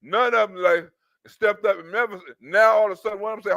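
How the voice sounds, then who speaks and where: Profane, high-voiced comic ranter. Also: male voice, quick pace, vocal fry, dry recording, dull audio. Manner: profane, animated storytelling with mock outrage. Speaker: commentator. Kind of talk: comedic reaction rant.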